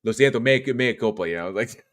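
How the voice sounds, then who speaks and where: A man in his thirties hosting a casual chat show, rambling and apologetic, trailing off into fillers. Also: mid-range voice. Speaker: podcast host.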